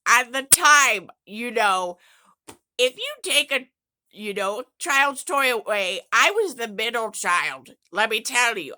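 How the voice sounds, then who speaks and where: A woman's voice: on the high side, bright, forceful tone. A woman hosting a casual radio-style show, telling a long personal story in a rambling way with many fillers and indignant outbursts. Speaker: podcast host.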